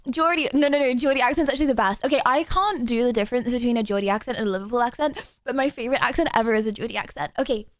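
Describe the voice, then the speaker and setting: A woman's voice: on the high side, very fast, few pauses, dry recording. A young adult woman streamer hosting a casual livestream chat, bubbly and chatty, full of filler words. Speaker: streamer host.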